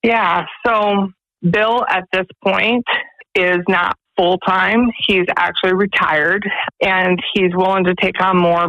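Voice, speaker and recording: A woman's voice: lowish voice, vocal fry, dry recording, lo-fi sound. Earnest woman telling stories on radio. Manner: earnest, animated storyteller. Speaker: executive director of a pregnancy resource center. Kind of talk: radio interview guest, storytelling.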